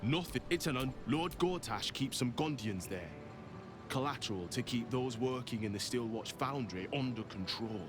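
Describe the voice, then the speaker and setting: A man's voice: medium pitch, animated, normal speed, lightly acted. A man playing a curt dockside guard. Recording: game audio with music, quiet and distant.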